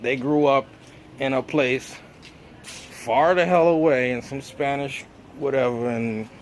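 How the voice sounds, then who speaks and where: A man's voice: on the low side, slight background noise. An American man, raised speaking Jamaican patois, in a rambling, profane vlog monologue full of fillers. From United States.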